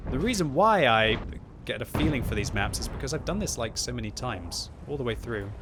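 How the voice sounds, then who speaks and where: A man giving live gameplay commentary at home, thinking aloud and breaking into loud frustrated yelling. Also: medium pitch, a little fast. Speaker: gaming video host. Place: upstairs room at home. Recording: steady game noise behind the voice.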